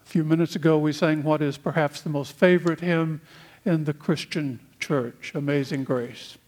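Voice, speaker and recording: A man from the United States preaching a sermon, speaking in slow, deliberate phrases with long pauses. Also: a little high, steady tone, a little mellow.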